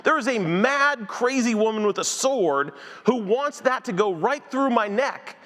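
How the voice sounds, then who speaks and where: Guy preaching in a church, high bright voice, big echoey hall. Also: unhurried. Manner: animated preacher who acts out voices in the story. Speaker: pastor. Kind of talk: sermon. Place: church sanctuary.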